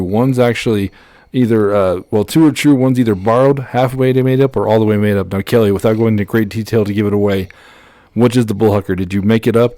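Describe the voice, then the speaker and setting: A man's voice: on the low side, mellow, no room sound. A man hosting a podcast in casual chat, crude and joking, laughing often. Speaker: podcast host.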